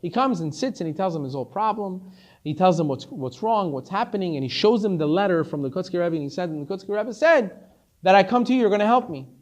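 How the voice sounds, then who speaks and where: A rabbi teaching a class, a man telling a story in an animated way and acting out each character, repeating words as he gets excited. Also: high-pitched, a little fast. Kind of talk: storytelling Torah lesson.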